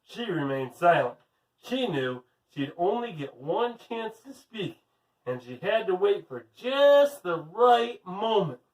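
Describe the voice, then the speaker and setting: A teacher reading a chapter book aloud to children, upbeat and encouraging, recorded from a distant mic. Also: male voice, sits high, very animated, slow. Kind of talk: read-aloud storytelling.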